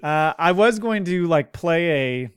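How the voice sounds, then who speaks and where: A man co-hosts a casual podcast, with a smooth, clear voice pitched a bit high. He rambles through stories, swears freely and laughs often. The recording is close and dry. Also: animated, unhurried, dry recording. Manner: rambling, profane, laughs a lot. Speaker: podcast co-host. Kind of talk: casual chat.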